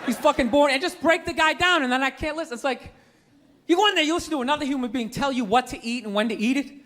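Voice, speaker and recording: A man doing a stand-up routine on a comedy club stage, ranting loudly and exasperatedly with plenty of profanity. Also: very high-pitched, fast talker. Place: comedy club stage before a live audience. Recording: live stage recording with crowd laughter and noise.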